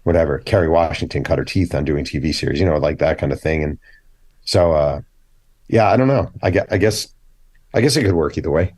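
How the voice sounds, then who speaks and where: Male author guest, low register, dry mic; animated, opinionated storyteller. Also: brisk, no echo. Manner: animated storyteller acting out quoted dialogue; blunt, opinionated. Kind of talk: casual podcast interview.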